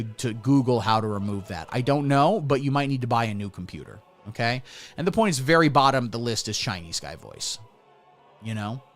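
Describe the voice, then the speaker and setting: A man hosting a satirical comedy livestream who rants crudely and sarcastically, swinging between mumbling and loud. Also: mid-range voice. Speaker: comedy streamer.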